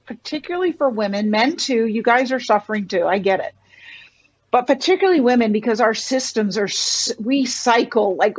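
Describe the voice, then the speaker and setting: A middle-aged woman, a doctor guest on a podcast, telling stories in a passionate, animated way. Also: a little high, no room sound, muffled recording. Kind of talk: casual interview talk.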